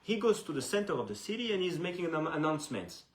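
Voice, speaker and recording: A man, a rabbi teaching a class, who tells a story in an animated, repetitive way with frequent restarts. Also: on the high side, fast talker. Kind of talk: storytelling lesson. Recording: echoey room.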